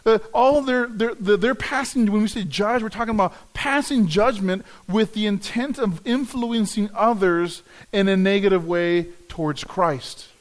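High-voiced man preaching a sermon. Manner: earnest, repeats words as he restarts. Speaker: pastor.

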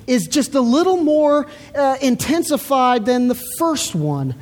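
A woman's voice: on the high side, very animated, unhurried, darkish tone. A woman preaching a sermon in an earnest, emphatic way, repeating words as she builds her point. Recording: reverberant hall.

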